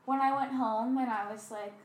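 A woman's voice: a little high, steady tone, moderate pace. A young woman co-hosting a podcast, chatting casually and thinking aloud, with many "like" fillers. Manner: reflective, speaks with many "like" fillers. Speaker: podcast co-host. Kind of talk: casual chat. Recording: roomy echo.

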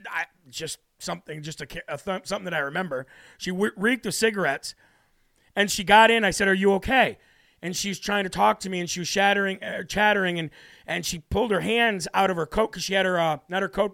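A man hosts a political talk show in a brash, preachy style. His voice sits high for a man and has a gravelly rasp. He also tells personal stories at length. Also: a bit bright. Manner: brash and preachy, then storytelling. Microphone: studio mic.

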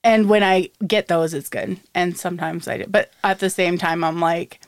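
A woman's voice: lowish voice, steady tone, normal speed, clear, resonant tone. A young woman co-hosting a podcast, chatting casually and telling stories, acting out what people said and laughing often. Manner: chatty storytelling, acts out quotes with laughs. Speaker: podcast co-host. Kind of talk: casual chat.

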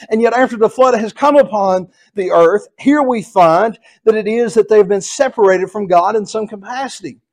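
A man's voice: high voice, darkish tone. A male pastor with a Southern US accent, preaching an expository sermon in an earnest, repetitive cadence.

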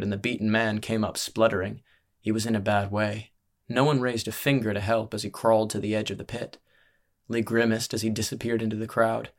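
A man reading a fantasy audiobook as narrator, with measured, dramatic storytelling. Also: lowish voice, gravelly.

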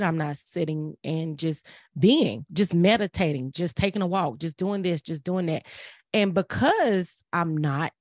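A woman's voice: low-pitched, dry recording, clean studio sound. A middle-aged woman, speaking in an earnest, preachy way and repeating phrases for emphasis. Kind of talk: casual motivational talk.

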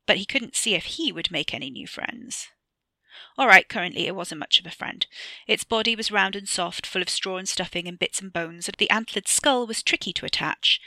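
A woman narrating her own short story aloud, measured and even. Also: mid-range voice, no echo. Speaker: author reading her story.

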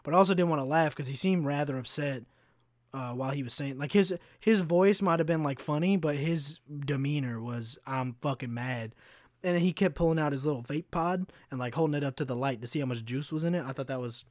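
A man with a slightly high voice rants on his own podcast, telling profane, animated stories and acting out the customers in them. The sound is dry and close, with no room echo. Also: fast talker. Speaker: podcast host. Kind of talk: solo podcast rant.

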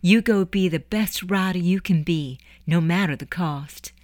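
A woman's voice: fairly low pitch, a little slow, no echo, clean studio sound, natural voice. Woman voicing a sweet, spirited young woman. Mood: tender. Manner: gentle, encouraging.

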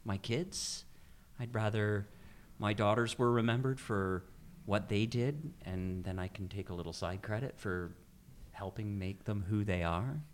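Middle-aged male guest with a deep voice, speaks firmly and plainly, casual tone. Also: unhurried, a little hiss or hum. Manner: firm, advice-giving. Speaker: guest photographer. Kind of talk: casual podcast conversation.

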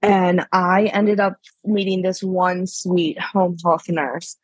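A woman's voice: fairly low pitch, steady tone, slow, breathy edge, no echo. A woman from Pennsylvania, a podcast guest, telling her story in a chatty, casual way, laughing often and acting out what people said to her. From Pennsylvania, USA.

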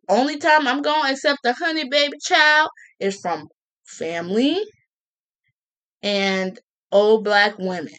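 Sassy animated woman ranting. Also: fairly high pitch. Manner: sassy and animated, with mocking quoted voices; colloquial, with many restarts and repeats. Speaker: vlogger. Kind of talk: casual rant to camera.

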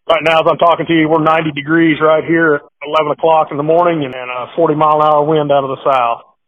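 A folksy man from Nebraska talking cattle in a casual, rambling way, repeating himself as he goes. His voice sits high for a man and comes over a thin, phone-like line. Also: little pitch movement, fast talker. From Nebraska, USA. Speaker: cattle breeder, podcast guest. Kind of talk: casual phone interview and joke telling.

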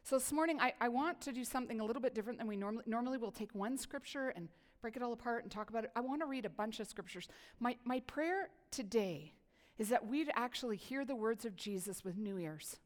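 Middle-aged lady preaching, talks casual and lively, reads verses, big echoey hall. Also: a little high, quick pace, few pauses. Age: 40s. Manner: chatty and animated, reading scripture aloud. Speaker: pastor. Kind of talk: sermon.

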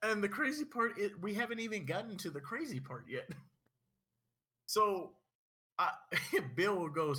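A young man chats casually, spinning a story with animated energy. His voice is a touch husky and sits fairly high. It rises and falls a lot as he goes. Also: a little slow. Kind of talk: casual chat.

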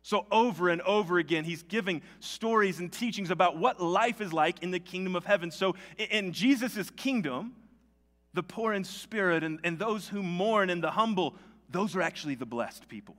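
A male pastor preaching a sermon, telling a story in a conversational, animated way with many restarts. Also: high voice, normal speed. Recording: long hall reverb.

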